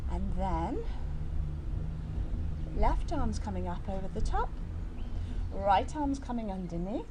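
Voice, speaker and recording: A woman's voice: on the high side, noisy background. A woman teaching a yoga class for young children, giving playful, encouraging, story-like instructions.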